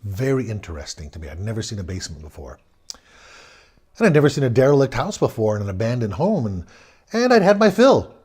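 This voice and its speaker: A man telling a spooky childhood story aloud, swinging between loud bursts and hushed tones. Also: on the low side, very animated, quick pace, slightly rough. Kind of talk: personal ghost story told aloud.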